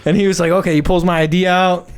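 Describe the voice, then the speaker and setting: A man's voice: sits high, level tone, fast talker, clean tone. A man in his twenties, a podcast guest, telling a story in casual chat, swearing a lot and acting out quoted dialogue. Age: 20s.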